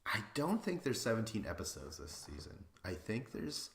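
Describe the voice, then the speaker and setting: A man hosting a podcast, recapping casually in a rambling, excitable way and swearing freely. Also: lowish voice, moderate pace, vocal fry, reverberant. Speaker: podcast host.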